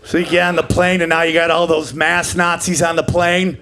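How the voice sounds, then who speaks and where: Brash high-voiced man doing stand-up. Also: level tone, moderate pace. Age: 40s. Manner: brash, profane, jumps into shouted character voices. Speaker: stand-up comedian. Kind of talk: live stand-up comedy. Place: comedy stage before a laughing audience.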